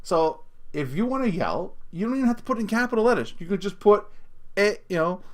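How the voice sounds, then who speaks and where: A middle-aged man hosts a comedic solo podcast rant in a high-pitched voice with lively intonation, talking a little fast. He's sarcastic and mocking, often breaking into laughter between sentences.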